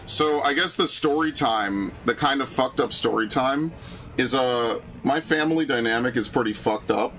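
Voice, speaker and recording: Male game streamer, casual profane rant, bright edgy tone, faint hiss behind. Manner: profane, ranting, swings pitch up when indignant. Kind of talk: casual chat while gaming.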